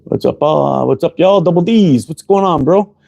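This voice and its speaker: A slightly high-voiced man hosts a relaxed livestream from close to the camera. He talks in a loose, easygoing way, peppers his speech with profanity, and calls out viewers by name as he works. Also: moderate pace, vocal fry. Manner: laid-back, profane, greets viewers by name. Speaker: livestream host and slingshot maker. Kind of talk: casual livestream chat while woodworking. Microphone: camera close up, leaning in to read chat.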